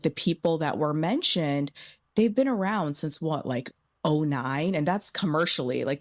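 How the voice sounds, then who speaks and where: A woman with a low voice gives measured, analytical commentary. She sounds stuffed up from a cold. She is recording outdoors by a pool. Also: darkish tone. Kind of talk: commentary video.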